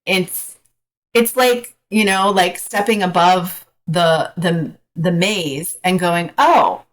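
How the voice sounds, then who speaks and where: A woman coach as a podcast guest, talking frankly in a casual, hesitant way with many pauses. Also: on the low side, steady tone, low-quality recording. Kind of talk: casual interview chat.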